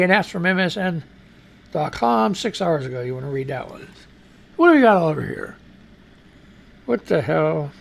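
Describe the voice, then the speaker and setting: Hosting a live radio news program, this American man has a high voice with vocal fry. He rambles, reads out listener comments, drops profane remarks, and exclaims and laughs as he goes.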